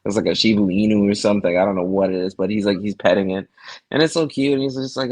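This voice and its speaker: A man's voice: on the low side, fairly even intonation, fast talker, darkish tone, dry recording, poor audio. A man co-hosting a casual TV recap chat, laid-back and slangy, laughing often. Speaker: podcast co-host.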